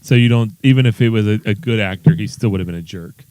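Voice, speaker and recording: A man's voice: fairly low pitch, fast, darkish tone. Rambling Kentucky man on a podcast. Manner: enthusiastic, rambling, acts out quotes. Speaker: podcast co-host. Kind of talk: casual podcast banter.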